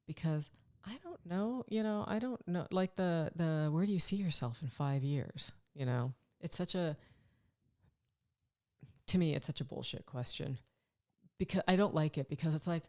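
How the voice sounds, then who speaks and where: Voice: medium pitch, moderate pace, darkish tone. A podcast co-host from upstate New York in casual chat, talkative and hesitant, with many fillers.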